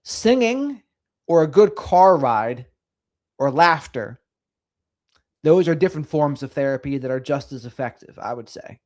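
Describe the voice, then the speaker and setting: A man's voice: a little high, measured pace, long pauses. A middle-aged man hosting a casual livestream, chatting with viewers in a sing-songy way. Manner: sing-songy, lively delivery. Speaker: livestream host. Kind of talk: casual livestream chat reading comments.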